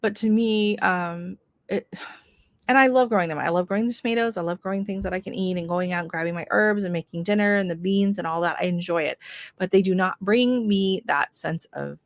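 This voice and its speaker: A woman's voice: medium pitch, a little fast, no room sound, studio quality. Chatty Canadian woman, rambling gardener. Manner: rambling, filler-heavy, chatty. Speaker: gardening channel host. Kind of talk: casual livestream chat.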